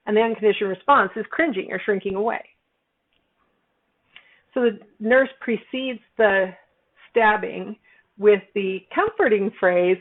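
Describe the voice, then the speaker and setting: A woman psychology instructor talking through a recorded lesson, explaining step by step with fillers and self-corrections. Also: mid-range voice. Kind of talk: recorded lecture walkthrough. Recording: tinny phone-like audio.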